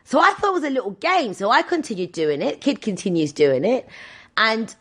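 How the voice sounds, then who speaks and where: This podcast host, a woman in her thirties, speaks fairly quickly in a voice on the high side. Her casual storytelling monologue is animated, and she acts out the characters' voices in her anecdotes.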